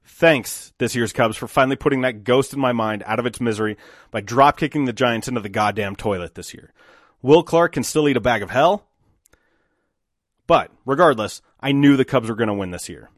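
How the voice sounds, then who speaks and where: A man hosting a solo podcast, telling stories with animated, emphatic bursts of excitement. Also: mid-range voice, normal speed, dry recording, studio quality. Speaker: podcast host.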